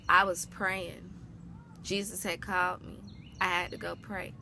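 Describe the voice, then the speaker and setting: Bright-voiced young woman telling a profane story. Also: mid-range voice, normal speed, gravelly. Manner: animated, profane, slangy storytelling. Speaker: vlogger. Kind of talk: casual storytime.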